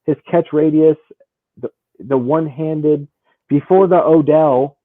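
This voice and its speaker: A man co-hosting a sports podcast, rattling off numbers fast and repeating his words as he argues. His voice sits a little high. The sound is dry and tinny, like a phone line. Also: fairly even intonation, no room sound. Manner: talks fast, repeats words, stacks stats. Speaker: podcast co-host. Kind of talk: casual sports debate.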